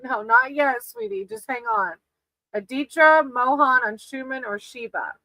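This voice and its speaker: A woman's voice: sits high, big pitch swings, a little slow, gravelly, pushed and bright, no echo, poor audio. A woman doing casual live tarot readings for viewers, affectionate and often laughing, calling people sweetie. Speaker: tarot reader on a livestream.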